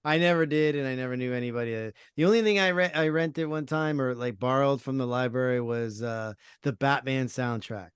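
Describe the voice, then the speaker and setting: A man speaks as a podcast guest. He is eager and halting and often restarts his sentences. His voice is smooth and clear, recorded dry and close. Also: mid-range voice, no echo. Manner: enthusiastic, halting, repeats himself. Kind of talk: casual podcast chat.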